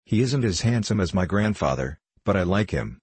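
A frank, spirited teenage girl from a storybook, read by a man in his own deep voice. She speaks bluntly and with lively energy. The voice is low and a little husky, recorded dry and close. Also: moderate pace, dry recording.

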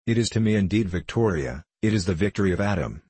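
A man's voice: low voice, lively intonation, quick pace, a little mellow, husky, no room sound. A man voicing a passionate young male poet in an audiobook reading, speaking in a declamatory way. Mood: impassioned. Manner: impassioned, declamatory.

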